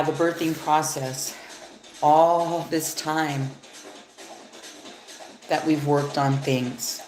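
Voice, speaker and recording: A woman giving a casual live-stream tarot reading, rambling and swearing freely as she talks to her viewers. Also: deep voice. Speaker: tarot reader. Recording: echoey room with faint music.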